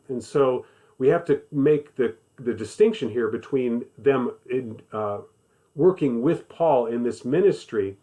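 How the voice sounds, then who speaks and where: A man living in the American South teaches a Bible study in a conversational voice, stressing his points by repeating them. His voice is mid-range with a darkish tone.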